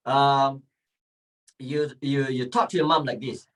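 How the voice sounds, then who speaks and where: Malaysian guy teaching english online, slow and repetitive, quizzing the class, voice a bit off-mic. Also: medium pitch, steady tone, a bit bright, distant mic. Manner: repeats himself, asks the class questions.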